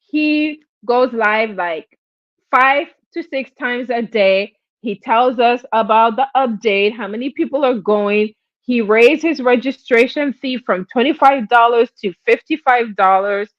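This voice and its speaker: A woman hosting a live stream, telling gossip in a chatty, animated way and acting out quotes. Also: fairly high pitch, a little slow, no echo, highs cut off. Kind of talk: casual gossip commentary.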